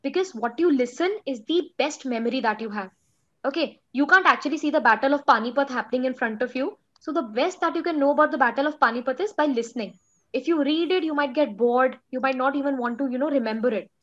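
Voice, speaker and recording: Young female teacher, Indian English accent, high voice, casual filler-heavy lecture. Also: fast, a bit bright, muffled recording. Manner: chatty, fillers like "okay" and "like". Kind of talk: online class lecture.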